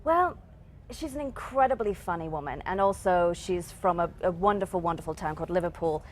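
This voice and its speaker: Chatty Northern English actress. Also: female voice, lowish voice, animated, brisk, a little mellow, slight background noise. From England. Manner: chatty, laughs often, many restarts. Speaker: stage actress, guest. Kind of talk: casual TV interview.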